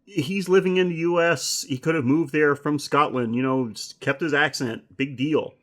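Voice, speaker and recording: A man's voice: fairly high pitch, normal speed. A man co-hosting a horror film podcast in casual chat, rambling, swearing and laughing often. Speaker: podcast co-host.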